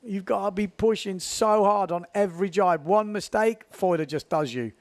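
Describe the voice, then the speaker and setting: Lively man commentating a windsurf race. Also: sits high, moderate pace, no echo. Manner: lively, chatty, builds excitement on key moments. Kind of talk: live sports commentary.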